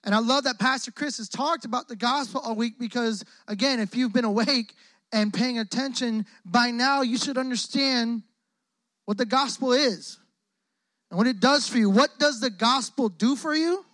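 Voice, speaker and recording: High-voiced man preaching with playful slang. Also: normal speed, bright, forceful tone, no room sound. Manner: playful, joking, heavy casual slang. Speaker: guest preacher. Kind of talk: lively call-and-response sermon. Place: church hall with a congregation. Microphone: close microphone on the speaker.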